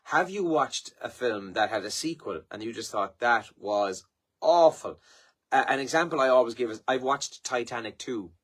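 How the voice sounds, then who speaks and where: A man's voice: mid-range voice, expressive, a little fast, hardly any pauses, fairly bright tone, slightly rough. An Irish man hosting a live morning show, chatting casually through the papers and sport with lots of fillers, tired and yawning. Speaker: radio host. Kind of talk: casual newspaper review and chat.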